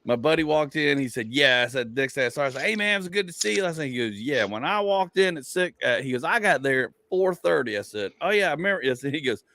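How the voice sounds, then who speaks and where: A man in an everyday middle register spins a loose, rambling story as a comedian hosting a podcast chat. His pitch bounds around, leaping up when he laughs at his own tale. The sound is close and dry, with no room around it. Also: lively intonation, quick pace, few pauses, fairly bright tone, no room sound.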